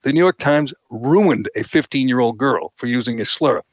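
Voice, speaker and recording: A man's voice: mid-range voice, normal speed, dry recording. A man hosting a podcast, giving opinionated political commentary and mocking the people he quotes. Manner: animated, mocking quoted voices. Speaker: podcast host.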